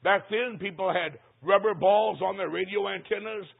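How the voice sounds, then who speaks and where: An older man, a pastor, telling a story in a dramatic sermon, swinging from hushed to loud. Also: high voice, moderate pace, vocal fry, breathy edge. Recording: tinny phone-like recording.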